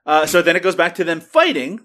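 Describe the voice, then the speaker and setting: A man's voice: a little high, big pitch swings, brisk, bright, forceful tone. A man hosting a podcast, casually recapping a film scene by scene with plenty of profanity. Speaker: podcast host. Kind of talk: casual film review chat.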